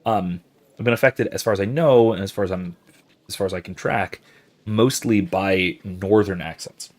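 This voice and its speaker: A man's voice: deep voice, moderate pace. A man hosting a gaming channel, giving casual, professorial explanations while he plays, rambling with many fillers and restarts and reacting to viewer chat.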